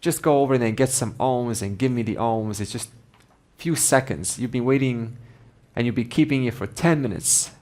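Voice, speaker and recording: A man's voice: mid-range voice, moderate pace, darkish tone, close to an everyday voice. Man doing an impatient, snapping beggar-scholar. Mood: angry. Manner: snapping, raised voice. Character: impatient angry male scholar turned beggar.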